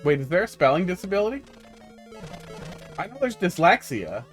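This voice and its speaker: A man's voice: high-pitched, sing-song, normal speed, faint music behind. A man from the United States giving casual, joking live-stream commentary on viewer-made game levels, rambling and laughing often.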